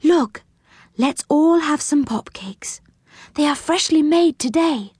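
A woman voicing a gentle, kind fairy girl. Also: high-pitched, animated, takes it slowly, dry recording, pitched above the performer's own voice. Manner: soothing, kind.

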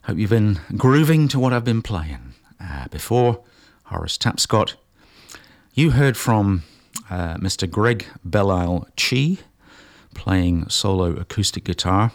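A man presents a jazz radio show from a studio mic. His voice sits very low and he talks at an easy, unhurried pace, pausing often and filling the gaps with soft "uh"s as he back-announces records. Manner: relaxed and unhurried, with frequent pauses and "uh" fillers. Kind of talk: casual radio presenting between tracks.

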